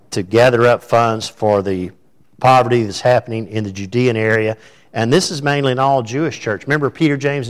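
A pastor delivers a sermon to his congregation. His talk is folksy and full of stories, with a middle-range male voice. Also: medium pitch. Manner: folksy, storytelling. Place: church sanctuary.

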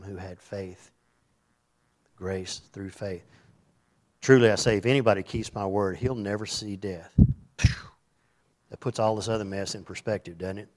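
Man preaching in a conversational tone. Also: lowish voice. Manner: conversational preaching, dramatic quoted voices. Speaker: pastor. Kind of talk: sermon.

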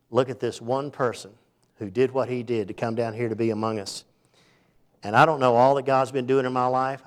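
A man preaching a sermon in a folksy, conversational way, dropping to hushed asides and rising to sudden loud bursts. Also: medium pitch. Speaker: pastor.

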